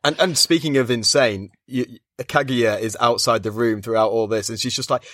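A man's voice: medium pitch, normal speed, fairly bright tone, no room sound, studio quality. A man co-hosting a podcast, chatting casually and acting out characters' lines as he retells scenes. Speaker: podcast co-host.

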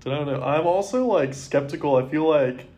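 A man's voice: fairly high pitch, moderate pace, a little mellow. A man co-hosting a podcast in casual chat, talking in a rambling, laid-back way. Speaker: podcast co-host.

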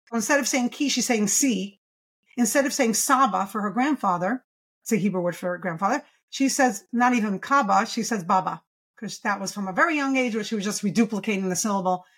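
Brief: woman, pediatric speech therapist guest, eager and emphatic, voice sits a little high. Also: a bit bright. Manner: enthusiastic, emphatic, explains with rhetorical questions. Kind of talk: podcast interview.

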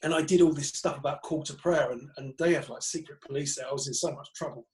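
A man's voice: fairly high pitch, fast talker, a little mellow, rough recording. A man, a comedian guest on a podcast, telling rambling anecdotes in casual chat with plenty of swearing.

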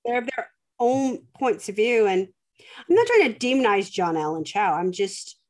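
A woman's voice: mid-range voice, sing-song, moderate pace. A woman hosting a podcast, telling a story in casual chat, rambling with lots of fillers and restarts. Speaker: podcast host.

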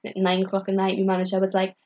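A young woman spins a story in relaxed conversation. Her speech is loose and chatty, packed with "like" fillers, and she slips into the voices of the people she quotes. Her pitch sits in the middle of the range for a woman. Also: very fast, dull audio. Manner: laughs often mid-story. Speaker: comedian guest telling stories. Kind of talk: casual chat, storytelling.

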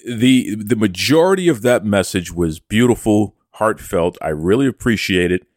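A man's voice: on the low side, expressive, moderate pace, dry recording, clean studio sound. A man hosting a podcast, reading out listener messages with playful mock bravado and talking about himself in the third person. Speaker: podcast host.

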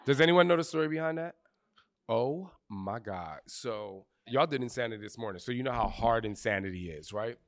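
A man answering questions in front of a group, telling candid stories in animated, slangy speech with cursing and acted-out quotes. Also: medium pitch, a little fast. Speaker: fitness trainer interviewee. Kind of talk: candid storytelling Q&A before a live group. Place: outdoor retreat gathering.

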